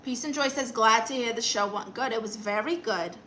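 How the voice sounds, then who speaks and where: A woman's voice: on the high side, fairly quick, sharp tone, rough recording. A woman comedian hosting a casual live stream, reading viewer comments in a sassy, teasing, chatty way. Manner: breaks into exaggerated put-on quote voices.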